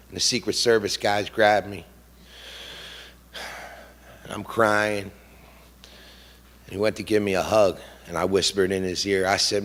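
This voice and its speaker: A man's voice: lowish voice, moderate pace, pauses often, fairly bright tone. A middle-aged man speaking as a grieving, indignant father at a press conference, emotional and repeating "you know?". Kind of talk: impassioned public statement. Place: press club conference room.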